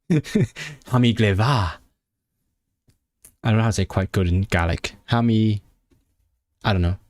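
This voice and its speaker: A man's voice: fairly low pitch, darkish tone, dry recording, studio quality. A young man live-streaming his language study, chatting with viewers and sounding out foreign words with frequent restarts. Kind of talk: casual live-stream chat.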